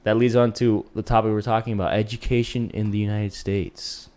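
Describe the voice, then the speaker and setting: Low-voiced joking podcast host. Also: male voice, level tone, a little fast, a little mellow, clear, resonant tone. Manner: joking, profane, laughs at stories. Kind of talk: casual podcast chat.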